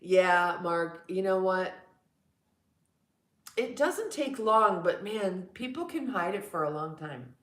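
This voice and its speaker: A woman's voice: mid-range voice, lively intonation, slow, echoey room. A woman in her forties with a New York accent, chatting frankly with viewers on her livestream. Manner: chatty, frank, blunt, swears casually. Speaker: livestream host. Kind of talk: casual chat with viewers.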